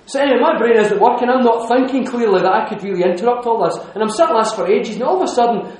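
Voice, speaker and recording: A man telling a lively story to an audience, laughing often and restarting his sentences. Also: very high-pitched, fast talker. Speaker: speaker giving a talk. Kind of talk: lively anecdotal talk to an audience. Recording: echoey hall.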